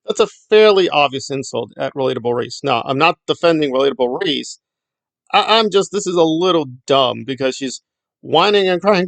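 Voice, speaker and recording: A man's voice: on the high side, lively intonation, fairly quick, creaky, a bit bright, dry recording. A middle-aged man giving blunt, sarcastic commentary in a rambling vlog. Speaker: YouTube commentator.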